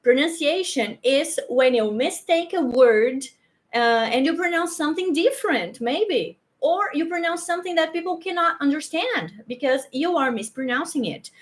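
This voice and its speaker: A woman's voice: high voice, lively intonation. A woman from Brazil with a Brazilian Portuguese accent, a native Portuguese speaker, giving a chatty online English pronunciation lesson and often checking in with "okay?". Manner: chatty, slow and repetitive, frequent "okay?" checks. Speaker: English teacher. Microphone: handheld or clip microphone, sometimes moved away.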